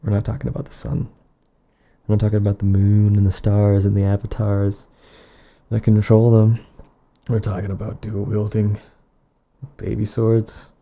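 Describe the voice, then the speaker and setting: A man delivering an improvised, absurd comedy monologue in a rambling, deadpan way, often trailing off and restarting. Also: fairly low pitch, moderate pace, creaky.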